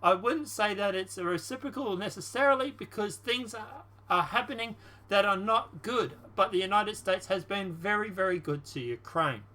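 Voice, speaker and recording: Man reading as boastful american president, plain delivery, bright tone. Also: high-pitched, moderate pace.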